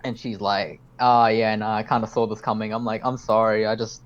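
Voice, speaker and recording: A man's voice: fairly low pitch, level tone, a little fast, lo-fi sound. Young man rambling through a story. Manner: rambling, swears a lot, quotes himself. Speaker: podcast host. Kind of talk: casual storytelling.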